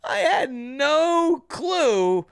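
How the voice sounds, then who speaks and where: A young man co-hosting a podcast, telling stories in an animated way and swearing freely. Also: very high voice, very slow, vocal fry. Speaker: podcast co-host and fighter. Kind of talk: casual chat, telling a story.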